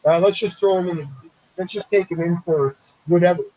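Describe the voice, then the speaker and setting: A man's voice: high-pitched, normal speed, no echo, muffled recording. Blunt, swearing man on a call. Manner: blunt, swears, acts out quoted people. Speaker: show host. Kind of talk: casual live-stream chat.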